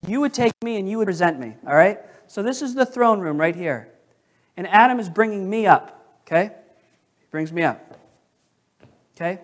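A man's voice: high voice, animated. Man preaching an interactive church sermon. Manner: interactive, questions the congregation; emphatic, slows down on key phrases. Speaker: pastor. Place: church sanctuary.

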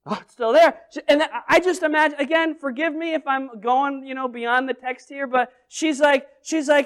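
A man preaching a sermon, telling a story in an animated way, dropping to near quiet and then rising loud as he acts out the scenes. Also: very high voice, normal speed, hardly any pauses. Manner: animated storytelling with big swings in volume; acts out scenes and quotes with playful voices. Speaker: pastor.

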